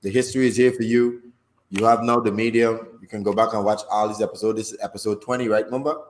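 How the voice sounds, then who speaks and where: Laid-back man, lowish voice. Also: fairly even intonation, quick pace, a little hiss or hum. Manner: laid-back, joking, sign-off speech. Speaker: podcast co-host. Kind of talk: casual live-stream chat.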